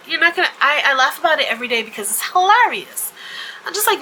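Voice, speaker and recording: Woman, vlog host, very bright sharp voice, chatty storyteller, everyday casual talk. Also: sits high, animated, quick pace, a little hiss or hum, rough recording. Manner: chatty storytelling with frequent fillers and laughs.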